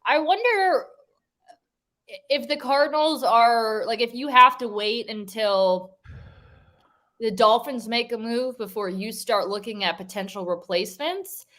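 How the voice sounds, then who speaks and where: Bright-voiced woman asking questions. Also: fairly high pitch, a little slow. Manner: curious, thinks aloud with many "like"s. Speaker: sports show co-host. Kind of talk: casual sports talk.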